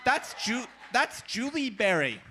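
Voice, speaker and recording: A man doing live stand-up storytelling at a small club, animated and playful. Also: extremely high pitch, measured pace, some chatter behind, slight background noise. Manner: animated, playful, loud asides. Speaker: storyteller, comedian.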